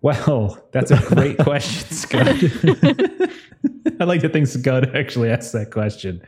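A man running a tabletop game as game master, narrating scenes and voicing characters with a relaxed, chuckling manner. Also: mid-range voice, takes it slowly.

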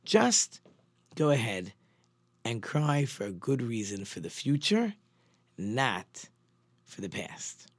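A man voicing a calm, wise older woman who survived a war, gently giving advice in his own voice within a spoken story. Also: mid-range voice, slow pace, long pauses, breathy edge, dry recording, exaggerated voice. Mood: counseling. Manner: gently counseling.

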